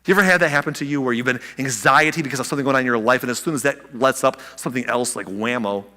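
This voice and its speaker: A man preaching a sermon as pastor, animated, acting out the people in the story with big swings in loudness. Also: medium pitch, very fast, big-room sound.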